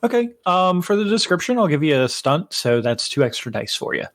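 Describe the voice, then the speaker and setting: A man narrating as game master, unhurried, with frequent fillers and self-corrections. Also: a little high, very animated, dry recording, studio quality.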